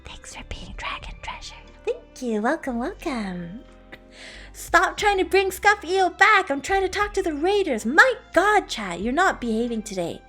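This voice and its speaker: Woman streamer, bright high voice, lively swoops, giggly, faint music underneath. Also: a little slow. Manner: playful, giggly, animated. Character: playful dragon streamer persona. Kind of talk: casual livestream chat with viewers.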